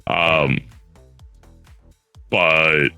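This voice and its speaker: A man's voice: very deep voice, steady tone, extremely slow, bright, forceful tone, clean tone, dry recording, faint music behind. A man in a casual panel chat, rambling with many fillers and now and then mimicking others for laughs. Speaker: panel guest.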